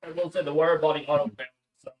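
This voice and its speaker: A man running a tabletop game as game master. He narrates the scene in a rambling way, full of ums and restarts. His voice sits a little high for a man. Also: steady tone, racing, dull audio. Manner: rambling, hesitant, filler-heavy.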